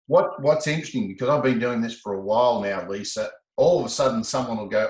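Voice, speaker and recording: A man, a laughter specialist being interviewed, telling stories in an animated way and acting out the voices in quoted exchanges. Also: brisk, reverberant, poor audio. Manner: expressive, acts out quoted exchanges with rising pitch. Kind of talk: animated conversational storytelling.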